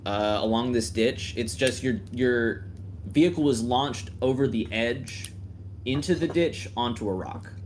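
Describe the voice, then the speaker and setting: A man narrating as game master in a tabletop game, relaxed and full of filler ums. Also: mid-range voice, a little slow, a little hiss or hum.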